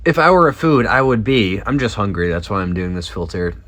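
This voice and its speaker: A man in his twenties giving a casual, self-deprecating comedic monologue as a TikTok creator, rambling with quick asides. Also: on the low side, sing-song, a bit bright. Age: 20s.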